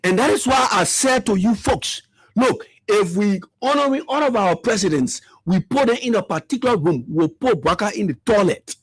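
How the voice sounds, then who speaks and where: Fiery high-voiced man. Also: animated, normal speed, slightly rough, no echo. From Liberia. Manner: fiery, repetitive, rhetorical questions. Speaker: political commentator. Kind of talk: impassioned political commentary.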